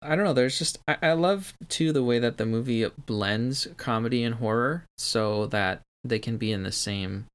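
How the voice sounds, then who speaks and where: Halting, enthusiastic male film fan. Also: medium pitch, clear, resonant tone. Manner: enthusiastic, halting with many fillers. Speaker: podcast co-host. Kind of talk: casual film discussion.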